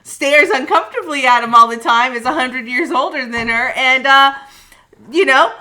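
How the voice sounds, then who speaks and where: Young female co-host, high and bright, sarcastic, theorizing. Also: normal speed. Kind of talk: casual movie review chat.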